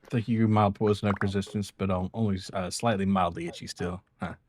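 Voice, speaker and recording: A laid-back male streamer with a lowish, flat voice, muttering easy asides while he plays a game. He talks in a relaxed, casual way. Steady background hiss and clicking come through his stream mic. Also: a little fast. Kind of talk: casual chat while gaming. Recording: hissy stream audio with clicks.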